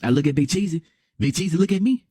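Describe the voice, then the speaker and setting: A young man telling a wild comedic story, dramatic and excitable, full of slang and constantly asking "you hear me?". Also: a little high, fast talker, husky, dry recording, studio quality. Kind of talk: animated comedic story time.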